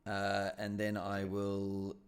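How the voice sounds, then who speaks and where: A man's voice: lowish voice, completely flat delivery, slow pace, clean tone. A man playing in an online tabletop game, hesitant and full of fillers while he works out his moves. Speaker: player. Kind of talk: casual table talk during a game. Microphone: online call microphone.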